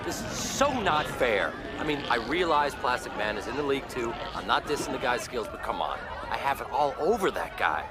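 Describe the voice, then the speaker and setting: A man's voice: medium pitch, very animated, a little fast, few pauses, over a noisy crowd, heavy background noise, close to an everyday voice. A man voicing a whiny stretchy cartoon superhero. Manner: complaining, self-pitying. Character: boastful stretchy male superhero detective, whiny. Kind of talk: cartoon voice acting.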